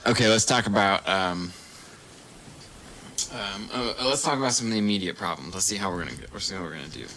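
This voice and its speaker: A man's voice: lowish voice, fast talker, bright, forceful tone, rough recording. Easygoing male podcast co-host. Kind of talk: casual chat.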